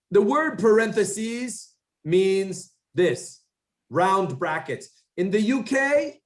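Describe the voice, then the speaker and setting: A man with a fairly high voice teaches an English class and swings his pitch up and down as he talks. He drills pronunciation, corrects the students and repeats each word back to them. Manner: animated, lively intonation. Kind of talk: classroom drill over a video call.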